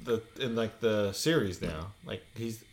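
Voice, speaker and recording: A man's voice: fairly low pitch, unhurried. Dry, teasing man on a podcast. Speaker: podcast co-host. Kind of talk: casual podcast chat.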